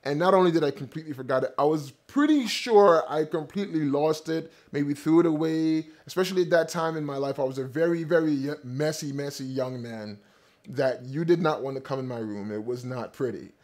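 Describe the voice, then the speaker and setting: A man's voice: on the high side, fairly quick, darkish tone. A man in his thirties, a company founder, eagerly telling a rambling personal story straight to his viewers. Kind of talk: casual storytelling to camera.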